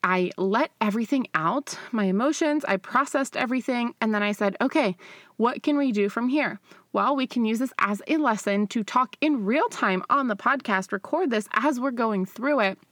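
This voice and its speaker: A woman's voice: a little high, normal speed, hardly any pauses, a bit bright, no echo. Young woman, podcast host, candid chatty delivery, laughs often, dry close sound. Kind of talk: casual solo podcast monologue.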